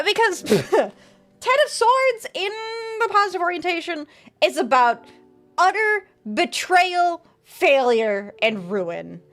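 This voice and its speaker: Young vtuber girl chatting w chat, high bouncy voice all over the place, faint game music behind. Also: fairly bright tone. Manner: giggly, jokey, reads chat and tarot cards aloud. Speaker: VTuber streamer. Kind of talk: casual live-stream chat with viewers.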